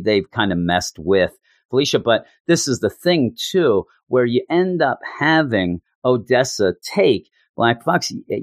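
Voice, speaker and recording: Man, podcast host, rambling casual review, self-mocking, medium pitch, dry close mic. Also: no echo.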